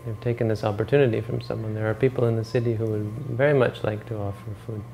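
A man voicing a stern elder male monk who scolds a god in a measured, reproachful way. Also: lowish voice, little pitch movement, creaky, warm tone, a little hiss or hum. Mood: scolding.

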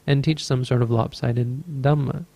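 During a dharma talk, a man who teaches Buddhist meditation tells a story, easygoing and rambling and often correcting himself. He has a creaky, dark voice of medium pitch, with a steady tone at a moderate pace.

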